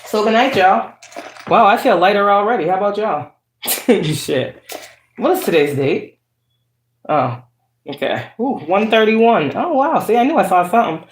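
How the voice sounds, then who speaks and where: A woman's voice: mid-range voice, sing-song, normal speed. A woman tarot reader chatting casually to her viewers, outspoken and profane. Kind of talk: casual tarot reading chat. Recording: roomy echo.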